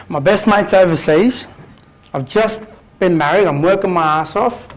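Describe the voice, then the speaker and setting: A man's voice: high voice, moderate pace, rough recording. An Australian man in his thirties, telling his own story to a live audience in a blunt, candid way, swearing casually. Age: 30s. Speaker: guest speaker. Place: room full of people.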